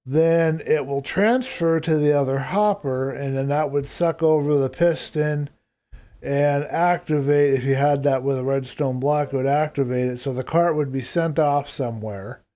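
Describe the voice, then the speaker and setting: Mellow-voiced man thinking aloud. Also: a little high, steady tone, normal speed. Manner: thinks aloud while planning; rambling, casual. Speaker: streamer. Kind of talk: live gameplay commentary.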